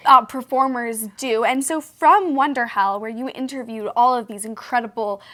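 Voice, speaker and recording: A woman's voice: fairly high pitch, normal speed, fairly bright tone. A woman co-hosting a podcast interview, thoughtful and agreeable, asking questions casually. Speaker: podcast co-host.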